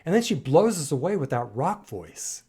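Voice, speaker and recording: A man's voice: fairly high pitch, very animated, normal speed, dark tone, slightly rough. A man reacting to a song, gushing with praise and restarting his sentences as he thinks aloud. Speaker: reaction video host. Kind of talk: enthusiastic music commentary.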